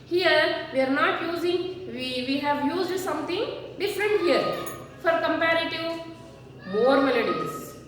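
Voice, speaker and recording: High-voiced lady teacher talking real slow, far off the mic, long echo. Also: animated, a little hiss or hum. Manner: slow, repeats word forms for children. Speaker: schoolteacher. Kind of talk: classroom grammar lesson. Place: classroom. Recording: echoey room, far from mic.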